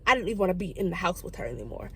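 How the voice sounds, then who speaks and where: Fast-talking young woman telling a storytime. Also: on the low side, husky. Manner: fast, profane, animated storytelling with quoted voices. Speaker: vlogger. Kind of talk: casual storytime.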